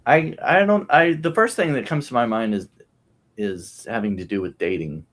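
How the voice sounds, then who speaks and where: A man's voice: mid-range voice, moderate pace, a bit bright. A man talking casually as a guest, hesitant and self-deprecating. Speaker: podcast guest. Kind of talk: casual chat.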